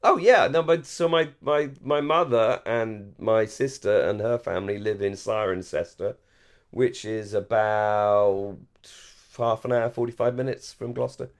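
A man's voice: lowish voice, unhurried. An English man with a received pronunciation accent, chatting enthusiastically as a podcast co-host, with fillers and restarts. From England, Surrey-Hampshire border. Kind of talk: casual chat.

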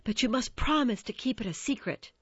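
Woman reader doing an earnest young lover, raised pitch, dull dry sound. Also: expressive, a little fast, breathy edge, no room sound. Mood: eager. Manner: earnest, pleading. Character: earnest lovestruck young man.

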